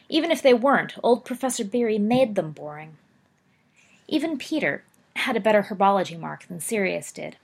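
A woman narrating a story aloud, expressive with occasional slips and self-corrections. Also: medium pitch, husky. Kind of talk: audiobook narration of fan fiction.

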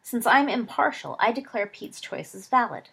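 A woman's voice: on the high side, gravelly, slightly rough, voice pushed up, heavily acted. A woman playing a mild, wry schoolboy wizard. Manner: calm, wry, measured. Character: mild, dry-witted teenage schoolboy wizard.

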